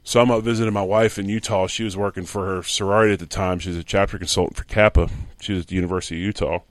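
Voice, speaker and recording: A man's voice, sitting a little low, recorded dry with no room sound. He is a middle-aged guest from Philadelphia spinning an anecdote, acting out each line of dialogue. It is a casual, animated story. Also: racing, dry recording. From Philadelphia, USA. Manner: animated storyteller who acts out quoted dialogue. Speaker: guest, former pro football lineman.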